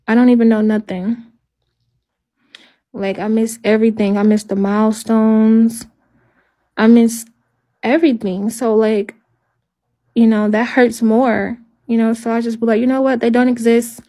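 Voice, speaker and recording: A woman talking on a livestream in halting, repetitive speech, sounding hopeless and stressed. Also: fairly high pitch, little pitch movement, mellow. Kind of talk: emotional livestream talk.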